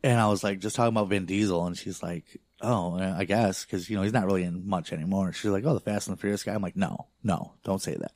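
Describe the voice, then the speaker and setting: Low-voiced man, casual profane rambling. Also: steady tone, fast talker, few pauses, darkish tone, no echo. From not from a big city. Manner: profane, rambling storytelling with lots of fillers. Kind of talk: casual chat.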